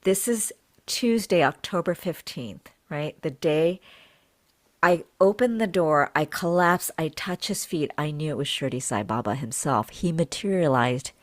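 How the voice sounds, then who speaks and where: Woman, deep for a woman, earnest, animated storytelling, repeats herself for emphasis. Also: unhurried. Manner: animated, acts out her own and others' words. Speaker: podcast guest, healer. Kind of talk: emotional personal storytelling.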